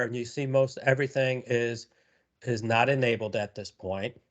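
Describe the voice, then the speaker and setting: A man presenting a live software tutorial, talking casually with many fillers and repeated words. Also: mid-range voice, highs cut off.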